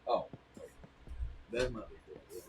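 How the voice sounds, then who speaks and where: A man's voice: lowish voice, animated, moderate pace, background noise. A man streaming a game and chatting to his partner and his viewers, rambling in a casual, drawling way and laughing between stories. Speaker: gaming streamer. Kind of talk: casual chat while gaming.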